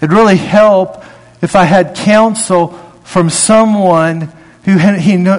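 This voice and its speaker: A man preaching a sermon in a conversational way, reading scripture aloud and rising in pitch to stress his points. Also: takes it slowly. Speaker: pastor. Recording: long hall reverb.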